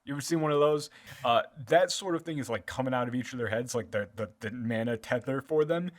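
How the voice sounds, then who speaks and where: Male game master, casual rambling narration, average pitch. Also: quick pace. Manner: loose, filler-heavy, profane.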